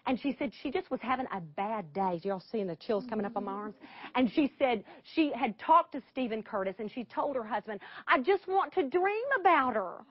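A woman's voice: on the high side, lively intonation, normal speed, slightly rough, highs cut off. A middle-aged woman, telling an emotional story dramatically to an audience and speaking straight to them.

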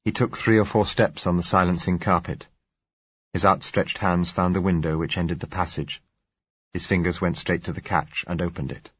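A man reading a novel aloud in measured, first-person narration. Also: low-pitched, steady tone, a bit bright, husky. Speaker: audiobook narrator. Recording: dull lo-fi recording.

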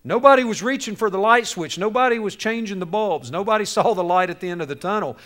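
High-pitched animated preacher man. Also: fast. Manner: animated, acts out characters, jokes with audience. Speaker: speaker to youth on bullying. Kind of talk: lively sermon storytelling.

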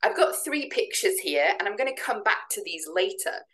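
A woman giving a measured, explanatory academic lecture, now and then reading poetry dramatically. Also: mid-range voice, lively intonation, a bit bright, rough recording.

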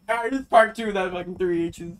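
A prank caller, mocking call center agents on speakerphone with bursts of excited yelling. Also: mid-range voice, heavy background noise.

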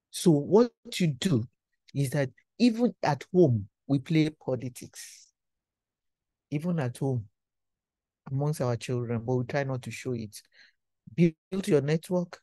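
A man's voice: medium pitch, warm tone, dry recording. Give me a male lecturer, preaching advice, close and dry sound. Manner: repeats key phrases, emphatic and exhorting. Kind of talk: induction lecture to professionals.

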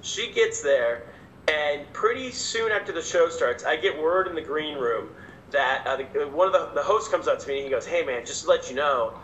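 A male stand-up comedian telling a story as a podcast guest, animated and self-mocking. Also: fairly high pitch, normal speed, highs cut off, a little hiss or hum. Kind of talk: casual storytelling. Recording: echoey room, faint ambience.

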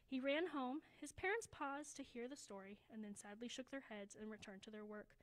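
A woman reading a children's story aloud at a church service, slowing down for emphasis and dropping to a hush. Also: on the high side, poor audio. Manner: expressive, slows down for emphasis, drops to a hushed voice.

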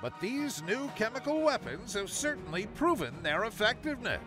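An actor playing a stern male military announcer who briefs missions in a game, in a formal, measured delivery. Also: high voice, big pitch swings. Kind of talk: scripted game narration. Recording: game audio with music behind.

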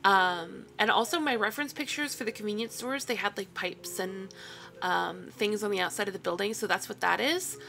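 A woman's voice: medium pitch, normal speed, creaky, pushed and bright. A woman talking through a long, rambling voiceover in a chatty way, with many ums, who keeps yawning and apologising. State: yawning, tired. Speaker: video creator. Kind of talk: casual voiceover narration.

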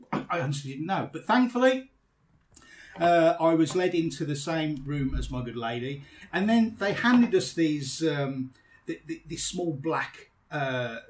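A man's voice: a little high, recorded from a distance. A British man hosting a podcast, telling a holiday story in casual chat and laughing often. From Britain. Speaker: podcast host.

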